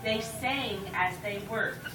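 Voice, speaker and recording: A woman telling a folk tale live to an audience, expressive and shouting the story's commands. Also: on the high side, takes it slowly, heavy background noise. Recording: roomy live recording from far off over loud music.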